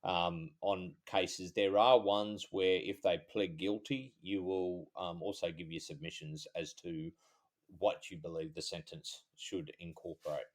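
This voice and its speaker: An Australian man co-hosting a podcast, explaining his prosecuting work in a calm, casual chat. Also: sits low, unhurried. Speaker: podcast co-host, former police prosecutor.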